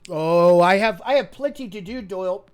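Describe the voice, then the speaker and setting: A man hosting a live stream in casual chat, rambling and joking, swinging between quiet mutters and loud bursts, with faint music behind. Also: sits high, normal speed. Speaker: streamer host.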